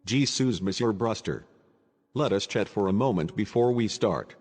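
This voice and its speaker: A man voicing a drunken, mocking middle-aged playwright with a high, hoarse, effeminate manner in an audiobook. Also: moderate pace, a little mellow, long reverb tail, natural voice. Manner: effeminate, blustering, flippant. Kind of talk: audiobook character voice.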